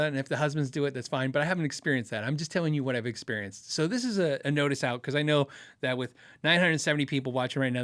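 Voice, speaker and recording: A man's voice: on the high side, a bit bright. A middle-aged man hosting a live podcast, chatting casually through viewer questions, laughing often and acting out quoted voices as he tells stories. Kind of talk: casual live-stream chat.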